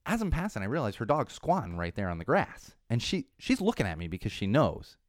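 A man's voice: medium pitch, huge pitch swings, brisk, dry recording, studio quality. A man hosting a podcast, rambling through a casual monologue that turns into an indignant rant. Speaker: podcast host. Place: Los Angeles.

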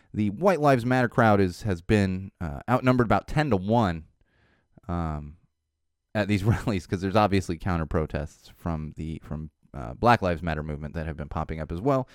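A man's voice: lowish voice, no echo, clean studio sound. A man hosting a podcast, ranting sarcastically in a casual opinion monologue, with restarts and laughs. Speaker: podcast host.

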